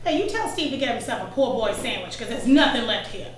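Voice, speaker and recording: Actress as a high, chatty, folksy neighbor woman, echoey stage. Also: big pitch swings, fast talker, distant mic. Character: friendly, nosy middle-aged woman neighbor. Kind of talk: stage play performance.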